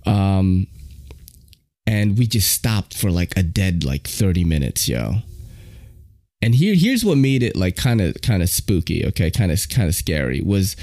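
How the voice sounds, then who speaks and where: A man, hosting and telling subway stories in a slangy, animated way, swearing freely. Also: a little slow, dry recording, clean studio sound. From New York. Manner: animated, slangy, swears, jumps into high-pitched impressions. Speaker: podcast host. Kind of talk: casual storytelling.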